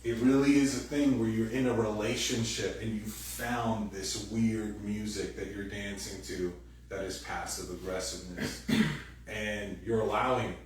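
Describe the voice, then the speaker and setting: A male pastor delivering a casual, animated sermon, jumping into loud acted-out voices. He sounds far from the mic in a hugely reverberant church hall. A faint hum of noise sits under him. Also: on the low side, moderate pace. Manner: animated, acts out quoted voices loudly. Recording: very echoey room, distant mic, faint noise.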